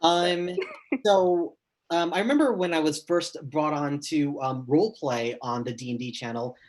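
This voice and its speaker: A man chatting casually as a roundtable guest, relaxed and full of "um.". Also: a little high, normal speed. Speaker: roundtable guest, role-player. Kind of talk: casual chat.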